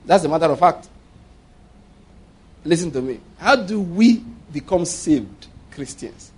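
A Nigerian-accented man preaching with a high, husky voice that swings widely in pitch. He mixes playful storytelling with firm, preacherly declarations. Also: lively intonation, a little slow, darkish tone. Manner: humorous, storytelling, laughs often. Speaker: pastor. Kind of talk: sermon.

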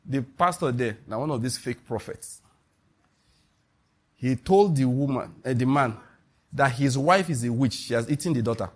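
Husky Nigerian pastor preaching emphatically. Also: male voice, moderate pace, pauses often. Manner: animated, emphatic preaching with sudden high emphatic rises. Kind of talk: sermon.

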